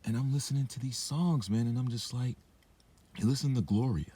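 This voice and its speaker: A man's voice: mid-range voice, fairly quick, mellow, breathy edge. A young man in a rambling, profane vlog monologue, drinking and smoking as he talks, full of fillers and detours. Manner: meandering, profane, filler-heavy. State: drinking and smoking while talking. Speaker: vlogger.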